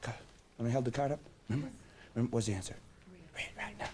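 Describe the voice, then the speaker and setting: A man's voice: medium pitch, rapid-fire, a little hiss or hum. A middle-aged man presenting a live self-help seminar, joking and coaxing his audience to answer back. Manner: animated, joking, coaxing call-and-response with audience.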